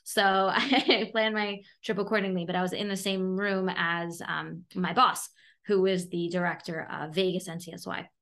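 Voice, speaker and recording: A woman in her thirties from Brooklyn, a podcast guest telling lively stories and putting on voices. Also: lowish voice, moderate pace, vocal fry. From Brooklyn, New York. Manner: lively storyteller, does voices and laughs. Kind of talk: casual interview chat.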